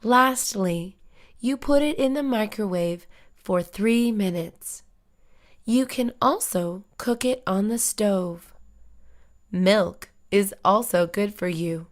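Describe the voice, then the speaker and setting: A woman reading short, simple English stories for learners in slow, even, carefully spaced sentences. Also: medium pitch. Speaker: English lesson reader.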